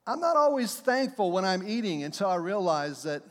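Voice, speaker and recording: A male pastor with a high-pitched voice delivers a lively, story-driven sermon. His voice rings out with a long reverb tail, as if in a large church sanctuary. He speaks straight to the congregation. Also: moderate pace. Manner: storytelling, animated, acts out shouts and quotes.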